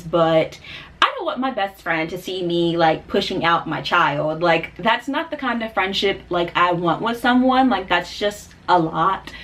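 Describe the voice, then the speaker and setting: A young woman vlogger telling a personal story in a casual, chatty way, full of fillers, getting animated when she quotes people. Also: medium pitch. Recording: voice a bit distant from the mic.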